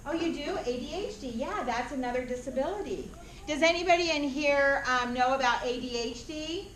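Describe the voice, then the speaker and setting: A woman speaks to a classroom of children, animated and full of questions for them. Her voice sits on the high side. It is picked up from some distance in an echoey school room with faint ambience. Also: moderate pace. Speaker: school presenter.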